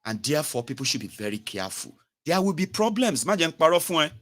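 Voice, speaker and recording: A young Nigerian man with a Nigerian English accent and Pidgin, giving a casual, animated commentary monologue as host. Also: fairly high pitch, quick pace. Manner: animated, mocking, switches to Pidgin and Yoruba.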